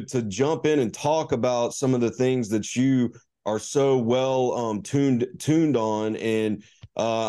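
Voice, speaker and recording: A man's voice: mid-range voice, dark tone. Man hosting a podcast interview, easygoing delivery full of ums, mid-range voice. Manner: hesitant, many ums and restarts. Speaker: podcast host.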